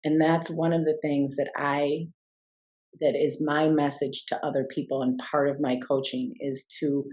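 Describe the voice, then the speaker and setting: Low-voiced earnest woman coach. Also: level tone, unhurried, darkish tone. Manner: reflective and earnest, with frequent restarts. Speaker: guest, life coach. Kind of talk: personal storytelling interview.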